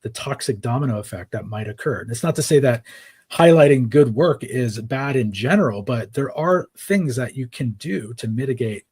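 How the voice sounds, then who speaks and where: Husky-voiced man explaining with "right?" tags. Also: medium pitch, animated, normal speed, darkish tone, dry recording. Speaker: podcast guest, author. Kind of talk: conversational interview.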